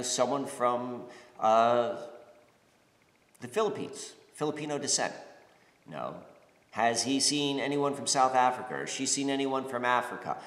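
A man from the United States giving a reflective spiritual talk, rambling with many fillers and restarts. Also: mid-range voice. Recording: echoey room with long reverb.

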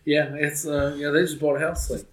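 A man's voice: on the high side, flat delivery, normal speed, fairly bright tone. A young man chatting casually, telling stories in a loose, rambling way and laughing often. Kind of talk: casual chat.

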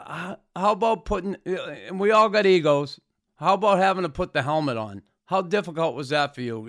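A male podcast co-host with a somewhat high-pitched voice asks questions in a blunt, joking way. He talks casually and often stops to rephrase. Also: a bit bright. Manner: blunt and joking, with frequent fillers. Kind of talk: casual interview chat.

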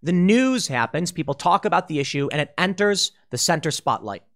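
Animated, lively male political commentator. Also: a little high, brisk. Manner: animated, emphatic, with restarts and quoted asides. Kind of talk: opinion commentary.

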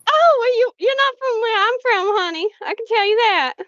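A woman's voice: very high-pitched, expressive, moderate pace, fairly bright tone, muffled recording, voice pushed up. A woman voicing a sassy little pixie. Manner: calls people honey and darling. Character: sassy tiny female pixie with a deep drawl.

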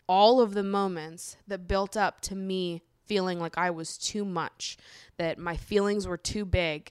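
A young woman talks through her feelings alone at the mic, candid and heated, sprinkling "like" and swear words throughout. Her voice sits low and smooth. The sound is close and dry, with no room around it. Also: no echo. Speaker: podcast host. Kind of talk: personal monologue.

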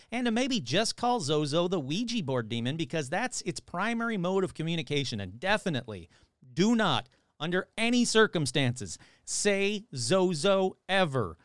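Sarcastic podcast host man, lively voice. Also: fairly high pitch, no room sound, studio quality. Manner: sarcastic, irreverent, reads news aloud with asides. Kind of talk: casual podcast commentary.

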